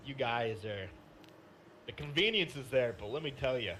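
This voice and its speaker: A man co-hosting a gaming podcast, telling a story in casual chat, animated and swearing freely. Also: mid-range voice, moderate pace, a little hiss or hum. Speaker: podcast co-host.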